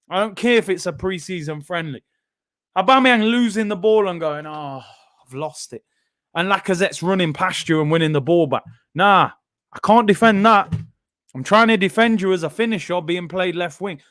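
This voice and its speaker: High-voiced excitable man. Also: dry recording, clean studio sound. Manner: excitable, slangy, bursts into shouts. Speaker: host of a football watchalong. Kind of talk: live reactive commentary.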